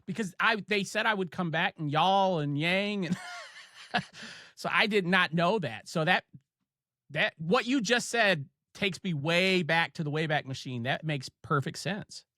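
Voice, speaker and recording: A man's voice: high voice, bright, forceful tone, no room sound, clean studio sound. Chatty Ohio man hosting a podcast. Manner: chatty, storytelling, quick asides and laughs. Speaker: podcast host. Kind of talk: casual podcast chat.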